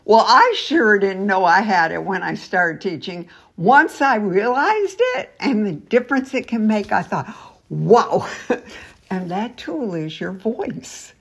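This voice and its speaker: A woman's voice: medium pitch, lively intonation, slow pace, creaky, a bit bright, breathy edge. An older woman, a teacher, sharing casual tips to camera in a cheerful way, laughing often between points.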